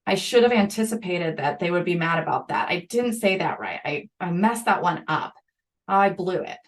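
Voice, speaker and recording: A middle-aged school psychologist, a woman, is interviewed on a podcast, speaking in a lively, conversational way full of quick asides. Her voice sits on the low side.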